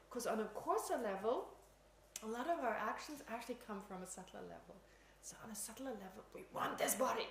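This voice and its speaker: Woman, Buddhist teacher, informal talk, self-mocking, higher voice, roomy echo, faint background hum. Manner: chatty, laughs often, self-mocking. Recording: echoey room, faint ambience.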